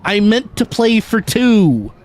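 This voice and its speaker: A man's voice: high voice, very animated, slow, a little mellow. A man chatting casually and jokingly on a gaming livestream, swearing and talking to his viewers. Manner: chatty, jokey, swears and laughs easily. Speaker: streamer.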